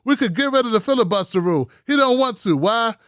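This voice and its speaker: A man hosting a live call-in show, talking in an animated, profane, joking way. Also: very high-pitched, quick pace, clean tone, no echo, studio quality. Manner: animated, profane, jokey impressions. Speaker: host taking calls.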